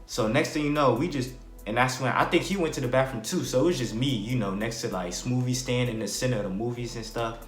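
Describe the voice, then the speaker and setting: A man's voice: mid-range voice, fast. A young man from New Jersey telling a casual storytime, rambling and slangy, with lots of "bro" and "like". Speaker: vlogger. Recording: roomy with faint music.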